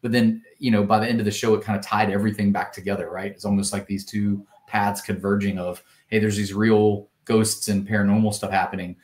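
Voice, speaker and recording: A man's voice: on the low side, little pitch movement, brisk, hardly any pauses, darkish tone. A man talking as a guest actor in a casual interview chat, thoughtful with joking asides. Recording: echoey room.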